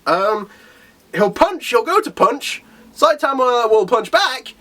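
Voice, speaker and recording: A man talking through a manga chapter in a relaxed, rambling way. His voice swings widely in pitch as he gets excited, and he slips into a lower tone to act out what the characters say. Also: takes it slowly. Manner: enthusiastic, rambling with fillers and restarts; acts out characters' lines in a lowered voice. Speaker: manga reviewer. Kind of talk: casual chapter review.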